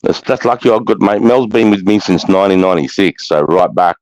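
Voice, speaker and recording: A man's voice: sits low, expressive, brisk, darkish tone, no room sound. A middle-aged Australian man hosting a casual livestream chat, swearing freely and calling people mate. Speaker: livestream host. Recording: dull, lo-fi stream audio.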